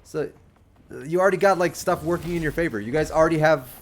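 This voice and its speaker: Young adult male streamer with a slightly high voice, rambling, friendly, chuckling while he gives advice. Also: fast, a little hiss or hum. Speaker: livestream gamer giving dating advice to chat. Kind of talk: casual livestream commentary.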